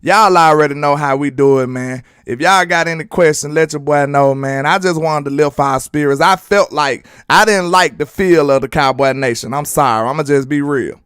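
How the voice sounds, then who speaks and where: A young man, hosting a fan sports commentary livestream, animated and preachy, firing off rhetorical questions. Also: on the high side, normal speed, hardly any pauses, clean tone, no room sound. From Alabama, US.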